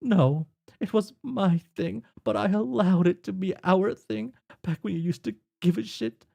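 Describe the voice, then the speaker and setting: A man's voice: a little high, slow, creaky, dry recording, exaggerated voice. A man voicing a furious teenage girl who snaps in exasperated outbursts while reading a webcomic aloud. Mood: irritated. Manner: sharp, exasperated, shouting outbursts.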